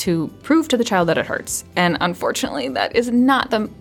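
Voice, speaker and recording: A woman who is an early childhood mental health specialist gives parenting advice in a podcast interview. She talks conversationally and often drops into a hushed, soothing tone. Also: mid-range voice, very animated, fairly quick, gravelly, soft background music.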